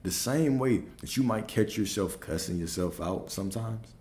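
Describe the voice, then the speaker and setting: A man's voice: on the low side, expressive, moderate pace, darkish tone. A man giving a motivational talk as a spiritual coach, emphatic and repeating affirmations with growing force.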